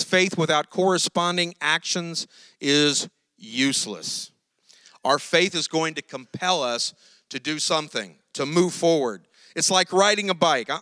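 A man preaching a sermon, retelling a Bible story in an animated storytelling way. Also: on the high side, no room sound. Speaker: pastor.

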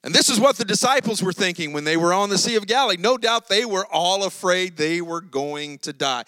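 A man preaching a sermon, retelling a Bible story in an animated storytelling way. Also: sits high, brisk, hardly any pauses, dry recording. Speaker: pastor.

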